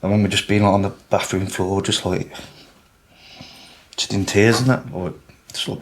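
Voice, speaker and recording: A man's voice: deep voice, fairly even intonation, moderate pace. A young man talking casually on a podcast, rambling and swearing, with lots of fillers. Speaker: podcast guest. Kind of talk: emotional casual chat.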